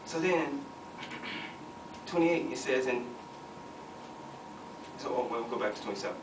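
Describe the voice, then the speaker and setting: A man's voice: medium pitch, animated, slow. Man preaching in an echoey church. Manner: conversational, reads scripture with asides and audience call-and-response. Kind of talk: sermon. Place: church fellowship hall. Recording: echoey hall, distant mic, noisy.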